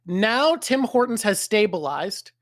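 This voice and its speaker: A man's voice: high-pitched, very animated, measured pace, no echo, clean studio sound. A man hosting a live stream, chatting casually, swearing freely and laughing often. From Canada. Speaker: streamer and show host.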